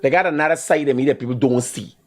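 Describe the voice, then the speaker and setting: A man's voice: mid-range voice, fast, soft background music. A middle-aged man with a Guyanese accent hosting a live call-in show, talking bluntly and growing heated as he scolds a caller. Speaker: host taking calls.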